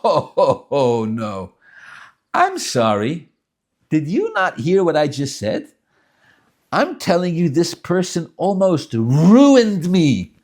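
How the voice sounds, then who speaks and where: A man leads a religious text class with an emphatic, impassioned delivery. His voice sits fairly high and swings widely in pitch. He often stumbles back and repeats a word before driving his point home. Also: a little mellow. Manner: emphatic, impassioned, frequent restarts and repeated words. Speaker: Torah teacher. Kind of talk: animated lecture class.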